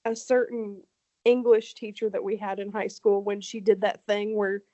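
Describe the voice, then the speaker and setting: A woman's voice: medium pitch, little pitch movement, moderate pace, warm tone, dry recording. A woman co-hosting a podcast, chatting playfully and cutting in with questions. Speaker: podcast co-host. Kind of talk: casual chat.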